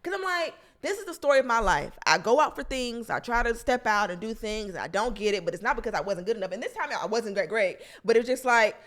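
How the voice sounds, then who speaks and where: A woman's voice: a little high, expressive, fast, few pauses, a bit bright. A young adult woman comedian co-hosting a podcast, venting bluntly and cursing a lot in casual chat.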